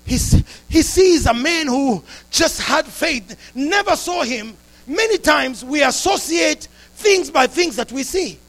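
An impassioned male preacher whose voice is strikingly high for a man. He sounds bright and forceful, with a gravelly fry, and he swings between hushed storytelling and full shouts. The delivery is a dramatic sermon. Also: expressive, slow pace.

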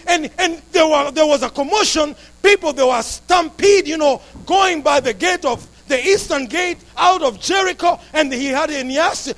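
A man preaching a sermon, swinging from hushed storytelling to impassioned shouting. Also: very high-pitched.

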